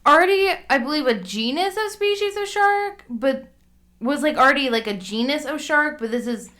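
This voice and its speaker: A woman's voice: high voice, lively intonation, normal speed, a bit bright. A woman co-hosting a podcast in casual chat, laughing often and stumbling over her notes. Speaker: podcast co-host.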